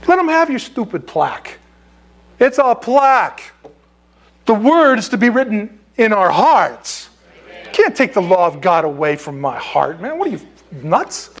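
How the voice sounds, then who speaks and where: High-voiced impassioned preaching man. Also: sing-song, moderate pace. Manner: impassioned, blunt, rhetorical questions. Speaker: pastor. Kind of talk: sermon. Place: air-conditioned church.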